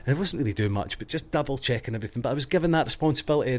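A man with a Scottish accent, a hairstylist guest on a podcast, telling backstage stories in a casual, animated way, with plenty of swearing and fillers. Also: mid-range voice, very fast. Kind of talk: casual storytelling.

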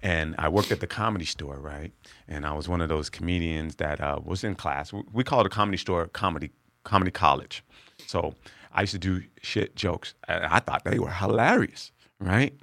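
A man's voice: deep voice, moderate pace, gravelly, a bit bright, dry recording. A man who is a comedian, telling stories on a podcast with frequent laughs and swearing. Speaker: comedian guest. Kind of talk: casual podcast chat.

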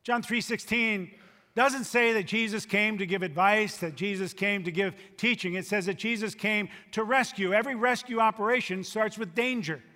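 A man with a high, bright, ringing voice preaches a sermon with emphatic force, rising loud and then dropping to a hush. His voice carries the long reverb of a large hall. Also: normal speed. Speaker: pastor.

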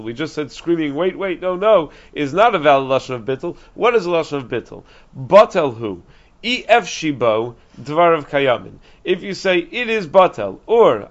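A man teaching a Talmud lesson, explaining quickly and reasoning aloud with frequent restarts, dropping in Aramaic and Hebrew terms. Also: a little high. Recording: dull lo-fi recording.

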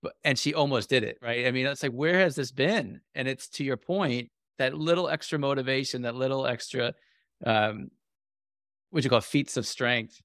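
A man hosting a podcast interview, speaking in a measured, appreciative way with some fillers. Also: mid-range voice, fairly bright tone, no room sound, studio quality. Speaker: podcast host.

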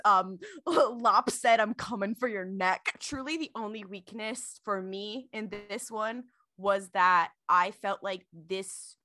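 A woman co-hosting a casual review podcast, talking in an animated way with lots of fillers. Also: mid-range voice, slow pace, hardly any pauses, no echo. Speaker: podcast co-host.

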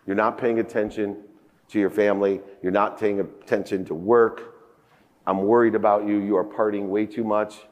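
A man's voice: lowish voice, flat delivery, moderate pace, pitched below the performer's own voice, lightly acted. Man quoting a stern worried wife. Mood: scolding. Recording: reverberant conference hall.

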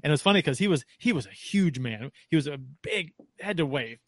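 A man co-hosting a casual podcast, telling a story in a relaxed way and laughing easily. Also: fairly high pitch, fairly quick, no room sound. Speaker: podcast co-host.

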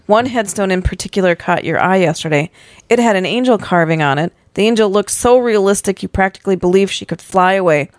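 A woman's voice: brisk, dry recording, clean studio sound. A woman hosting a podcast, reading a spooky choose-your-own story aloud with playful dramatic emphasis. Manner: reads with playful dramatic emphasis, pitching up for the child's lines. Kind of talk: animated story reading with voiced characters.

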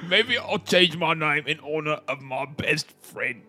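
A high, bright-voiced man playing a character in a tabletop game. He teases and acts hurt in a playful way, and breaks into laughter now and then. Faint music plays behind him. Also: lively intonation, a little slow. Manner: playful, mock-wounded, bursts of loud laughter. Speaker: player voicing a character. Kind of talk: improvised tabletop role-play.

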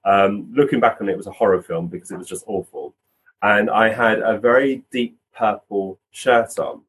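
A man, a physical medium and podcast guest, telling a personal story in a casual, animated way. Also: on the low side, normal speed, husky, low-quality recording. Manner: animated storyteller acting out quoted voices.

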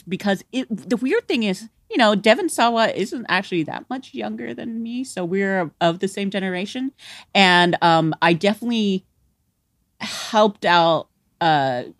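Chatty woman with a lowish voice. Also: no room sound, clean studio sound. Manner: chatty, reassuring, hedging. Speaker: podcast co-host. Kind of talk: casual chat.

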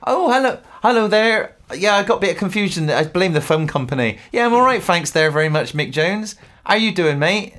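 A man's voice: high-pitched, lively intonation, fairly quick, hardly any pauses, a bit bright, pitched above the performer's own voice. A man putting on a chirpy rock singer. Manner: chirpy and eager to please. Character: cheery, polite male rock singer on the phone.

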